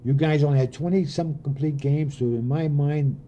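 An older man, a former pitching coach, telling anecdotes in an interview and voicing the people he quotes. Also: moderate pace, lo-fi sound, a little hiss or hum. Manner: animated anecdotes with voiced quotes and laughs. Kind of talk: storytelling interview.

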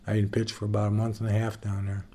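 A man being interviewed, telling stories from his years as a baseball pitcher in a relaxed, folksy way with some plain swearing. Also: fast. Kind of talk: casual storytelling interview.

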